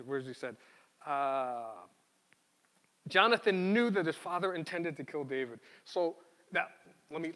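Bright-voiced male preacher in a hall. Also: fairly high pitch. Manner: animated, conversational preaching with repetitions. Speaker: pastor. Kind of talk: sermon.

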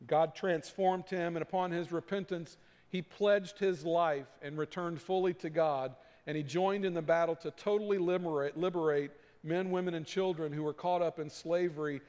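Male pastor, sermon delivery, slightly high voice, long hall reverb. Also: fairly even intonation, moderate pace. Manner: preaching with swells from hushed to emphatic.

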